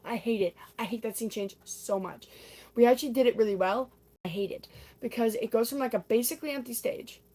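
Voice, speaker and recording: A woman's voice: medium pitch, a little mellow. A young woman livestreaming, casually chatting and acting out scenes from a stage musical, breaking into sung snippets.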